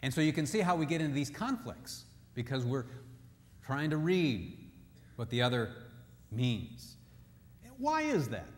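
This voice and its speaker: A man with a somewhat high voice gives a playful marriage seminar, acting out the people in his stories. He mixes jokes with scripture. His voice carries with a long echo through a large hall. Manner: jokey storyteller who acts out quotes. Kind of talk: humorous seminar talk with scripture. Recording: echoey hall.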